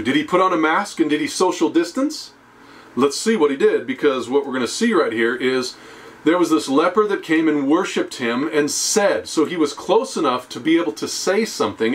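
A man giving a conversational sermon, often checking in with "okay?" and "right?" and slowing down to a hushed tone on key phrases. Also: on the high side. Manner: conversational preaching with tag questions. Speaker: preacher.

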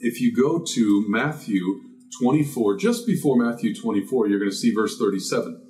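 Male Bible teacher, mid-pitched, emphatic, rhetorical question-and-answer delivery. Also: normal speed, a little mellow, faint music behind. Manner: emphatic, asks and answers his own questions.

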